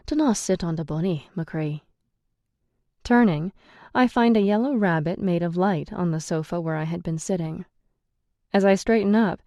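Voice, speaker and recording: Woman narrator, first-person audiobook, slow measured reading, warm dark tone, dry close recording. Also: on the low side, dry recording.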